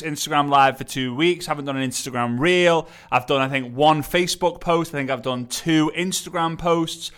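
An English man with a slight lisp hosts a solo motivational podcast, delivering it emphatically and energetically while repeating key phrases. His voice is a little high with a clean tone, and he's still recovering from an illness, not fully well.

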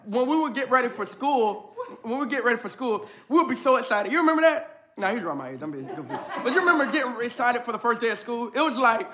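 A man preaching a sermon as pastor, energetic and playful, mixing casual slang into his delivery. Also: very high voice, quick pace, hardly any pauses, background noise.

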